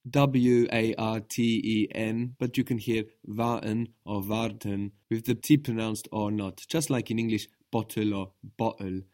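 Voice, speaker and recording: A man's voice: lowish voice, fairly even intonation, normal speed, few pauses, a little mellow. A man teaching a spoken language lesson, patiently explaining and modeling each word carefully.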